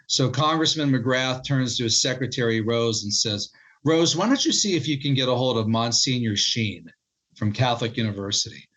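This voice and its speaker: A middle-aged man, an author being interviewed, telling a story in animated fashion and acting out quoted lines. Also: mid-range voice, normal speed, poor audio. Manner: animated storyteller, quotes others in their voices. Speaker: author and historian guest.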